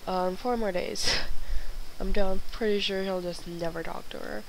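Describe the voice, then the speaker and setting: A woman's voice: mid-range voice, steady tone, measured pace, gravelly, background noise. A young woman in casual let's-play commentary, chatty and rambling, often apologizing and exasperated, talking from her bedroom into a headset mic. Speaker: gaming channel host. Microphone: wireless headset.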